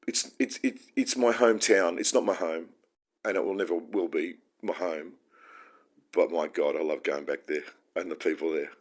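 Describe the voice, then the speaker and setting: A man's voice: low voice, moderate pace. An Australian man hosting his own show, talking through his feelings in an earnest, heartfelt and rambling solo monologue. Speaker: podcast host.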